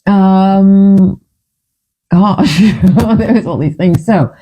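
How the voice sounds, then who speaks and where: A middle-aged singer recalls stories from her past in a casual monologue, animated, laughing often and acting out what people said. Her mid-range voice draws out words with a breathy edge, and the recording is rough.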